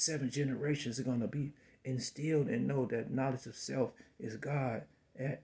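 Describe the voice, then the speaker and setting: Gravelly man in his fifties musing. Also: mid-range voice, warm tone. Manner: slow, repetitive, preachy, calls listener baby. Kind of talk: rambling spiritual self-affirmation monologue.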